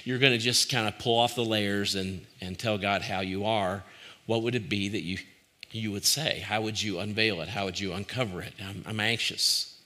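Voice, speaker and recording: The voice is lowish and steady, at a moderate pace, with a pushed, bright sound. It likely belongs to a pastor giving a reflective devotional, speaking conversationally and searchingly, restarting sentences often and questioning listeners directly.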